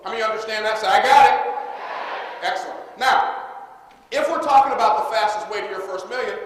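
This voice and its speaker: A man's voice: high voice, quick pace, a bit bright. A man giving a motivational seminar talk, energetically getting the audience to call back and repeat his lines. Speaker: seminar speaker. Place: large conference hall. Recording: echoey hall, faint room noise.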